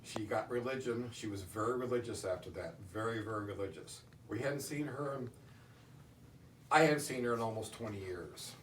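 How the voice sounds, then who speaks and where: A middle-aged man answering interview questions, telling stories in a halting way with many restarts. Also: on the low side, a bit bright. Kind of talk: casual storytelling in an interview. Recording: distant roomy recording with faint noise.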